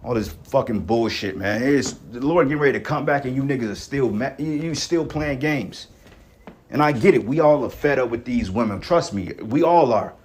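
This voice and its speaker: A man preaching in a blunt, rough-talking, profane rant. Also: mid-range voice, expressive, a little fast, hardly any pauses, darkish tone, slight background noise. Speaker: online preacher.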